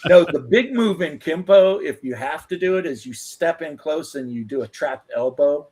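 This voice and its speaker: A man's voice: on the high side, expressive, normal speed, a little mellow, husky. Rambling man in casual chat. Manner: loose, rambling, filler-heavy talk.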